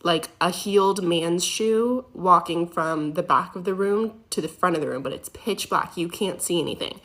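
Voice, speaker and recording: A woman's voice: lowish voice, normal speed, few pauses, fairly bright tone. A woman, a former EMT, telling a scary story to camera in a rambling way with many fillers. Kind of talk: storytime monologue.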